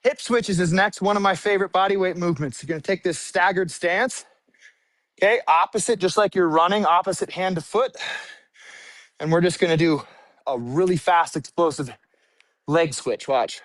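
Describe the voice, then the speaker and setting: A male fitness coach talks people through a bodyweight workout while doing it himself. His voice sits high, and he counts reps and calls out cues, sometimes short of breath. The sound is dry and close. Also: moderate pace, a bit bright, no echo. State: out of breath at times. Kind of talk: live workout instruction.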